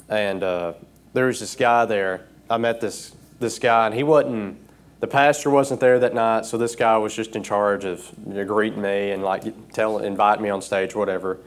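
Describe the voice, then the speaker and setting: A man preaching an informal sermon from a church stage, emotional and earnest, often pausing with fillers. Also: lowish voice. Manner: earnest, halting with frequent fillers.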